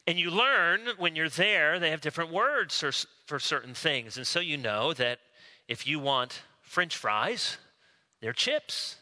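Bright-toned American pastor preaching. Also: male voice, a little high, animated. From United States. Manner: storytelling, conversational with dramatic pauses. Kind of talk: sermon.

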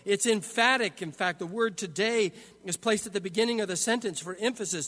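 A man's voice: high voice, a little fast, a bit bright. A man preaching an expository sermon, emphatic, often restarting his phrases. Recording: long hall reverb.

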